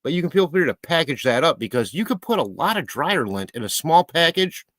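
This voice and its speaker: A man's voice: fairly high pitch, sing-song, brisk, a bit bright, no echo. Rambling, joking man live-streaming. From Michigan, USA. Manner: rambling, joking, talks to his pet. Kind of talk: casual live-stream chat reading comments.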